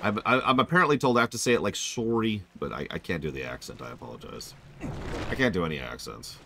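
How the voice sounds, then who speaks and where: A man's voice: deep voice, sing-song, fast talker, gravelly, noisy background. A man streaming live, commenting on a game as he plays and joking with chat in a rambling, self-deprecating way. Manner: talks to chat while playing.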